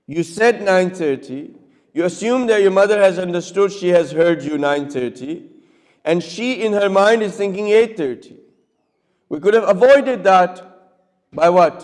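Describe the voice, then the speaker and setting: A man's voice: high-pitched, lively intonation, a little slow, darkish tone. Man lecturing in a reverberant hall. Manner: keeps checking with listeners, acts out little dialogues. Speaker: cleric giving a talk. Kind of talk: lecture with audience questions.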